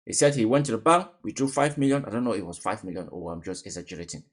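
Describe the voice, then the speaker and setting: A man's voice: fairly low pitch, animated, racing. Emphatic man doing reaction commentary. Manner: emphatic, repetitive rhetorical questions.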